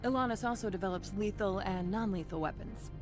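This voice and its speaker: An actress voicing a polite, informative receptionist in a video game. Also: female voice, medium pitch, a little fast, over music, natural voice. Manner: polished, informative, even. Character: polite female receptionist at a research colony.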